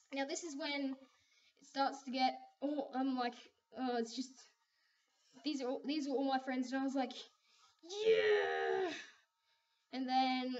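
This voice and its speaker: Young girl, high voice, chatty and rambling, distant dull lo-fi home recording. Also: darkish tone. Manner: chatty, rambling, many fillers and restarts. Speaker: vlogger. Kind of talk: casual draw-my-life narration.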